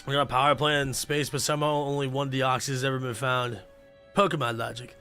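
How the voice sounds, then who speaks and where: A man's voice: medium pitch, level tone, brisk, bright, forceful tone, clear, resonant tone, soft background music. A young man livestreaming a game, chatting casually and reading game text aloud with offhand reactions, sleepy and yawning. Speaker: gaming streamer.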